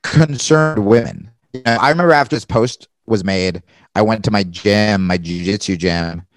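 A man's voice: lowish voice, moderate pace, no room sound. Candid, swearing man talking casually. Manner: rambling, profane, restarts often. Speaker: podcast guest.

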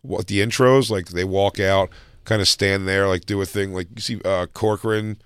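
A man co-hosting a casual podcast, telling stories with lively impressions of people. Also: normal speed, clean tone, no room sound, studio quality. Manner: animated storyteller, mimics people in high voices. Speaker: podcast co-host. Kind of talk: casual chat.

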